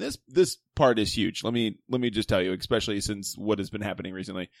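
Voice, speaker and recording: A man's voice: lowish voice, quick pace, creaky, few pauses, no echo, clean studio sound. A man co-hosting a podcast, chatting casually in a rambling, jokey way with frequent restarts. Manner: rambling, self-correcting, jokey. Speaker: podcast co-host.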